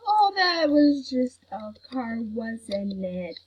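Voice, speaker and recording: A woman's voice: fairly high pitch, big pitch swings, takes it slowly, breathy edge, rough recording. A woman hosting a gaming channel, chatting casually over gameplay and grumbling that she is not mad. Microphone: computer recording mic.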